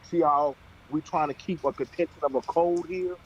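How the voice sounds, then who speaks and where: A man's voice: fairly high pitch, steady tone, normal speed, a little hiss or hum. A man hosting a heated panel talk, blunt and profane. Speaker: show host. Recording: dull lo-fi audio.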